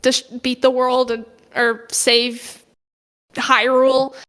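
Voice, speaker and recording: A woman's voice: high-pitched, level tone, slow pace, a bit bright. A young woman co-hosting a podcast in casual chat, playful and teasing, often restarting her sentences. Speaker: podcast co-host.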